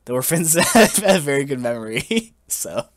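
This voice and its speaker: A young man in his twenties hosting a casual podcast, telling a mock-solemn story in a halting way, full of restarts and giggles. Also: mid-range voice, big pitch swings, no echo. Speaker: podcast host.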